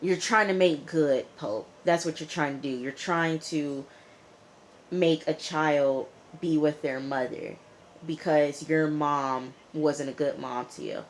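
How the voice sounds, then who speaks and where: A woman's voice: sits low, steady tone, takes it slowly, a little hiss or hum. A woman casually recapping a TV episode, chatty, with lots of fillers. She talks back to the characters as she retells the story. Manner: chatty, lots of "you know" and "like". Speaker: TV reviewer.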